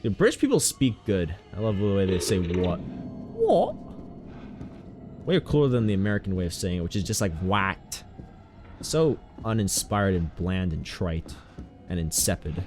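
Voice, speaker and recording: A man's voice: low-pitched, lively intonation, a little fast, a little mellow, soft background music. A man streaming a horror game with casual, sarcastic commentary, joking and swearing freely.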